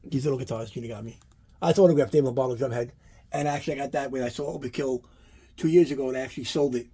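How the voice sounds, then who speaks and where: A man with a mid-range, slightly breathy voice talks in a rapid-fire rush. Giving a casual tour of his collection to the camera, he spins rambling, profane, animated anecdotes.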